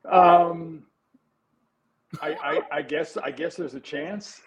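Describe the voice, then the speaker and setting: Halting older man, former player on radio. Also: fairly high pitch, fairly even intonation, a crowd in the background, low-quality recording. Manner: halting, many restarts, easygoing. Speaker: former player, guest analyst. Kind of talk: sports talk radio chat.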